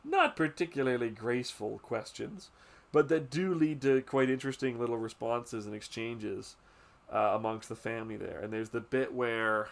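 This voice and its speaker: A podcast host with a medium-pitched voice and vocal fry rambles casually about a film. His talk is loaded with fillers, swearing and quick asides.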